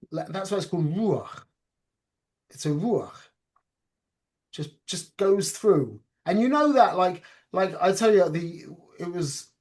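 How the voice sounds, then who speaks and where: Speaking conversationally, this religious teacher runs an informal spoken class in a fairly high voice. He sprinkles Hebrew and Yiddish terms into his English and often asks "yeah?" to make sure listeners are following.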